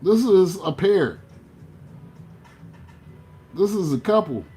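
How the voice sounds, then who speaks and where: Animated male tarot reader, swears freely. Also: high voice, slow pace. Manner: animated, swears, talks to himself. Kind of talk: casual tarot reading.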